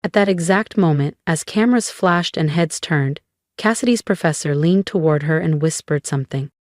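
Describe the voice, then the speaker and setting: A woman with a fairly low, slightly mellow voice relates her revenge story in a cool, measured way, pausing deliberately. The sound is close and dry, with no echo or room sound.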